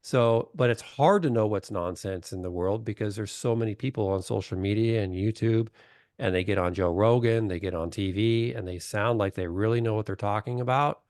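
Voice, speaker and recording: A middle-aged man on a video call who talks bluntly and plainly. His voice sits low and the sound is dry and close. He tells stories and acts out the voices of the people in them. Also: moderate pace, darkish tone, dry recording. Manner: blunt, storytelling, acts out quotes. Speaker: doctor, webinar guest. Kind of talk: casual chat.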